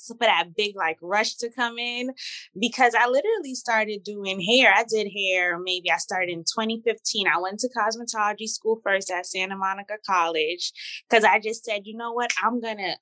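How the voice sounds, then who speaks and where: A woman's voice: mid-range voice, no echo. A woman in her thirties from Brooklyn with a New York accent, a guest talking casually and animatedly in an interview. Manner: animated, code-switching, laughs often.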